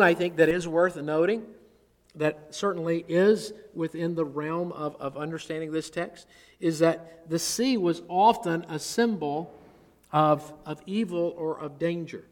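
High-voiced man preaching in a reverberant hall. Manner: earnest, varies loudness, drops low at phrase ends. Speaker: pastor. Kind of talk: expository sermon.

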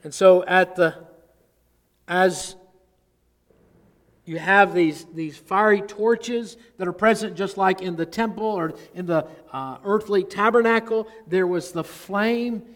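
A male pastor preaching an expository sermon, earnest, swelling on key words and dropping low at the ends of phrases. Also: slow. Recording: long hall reverb.

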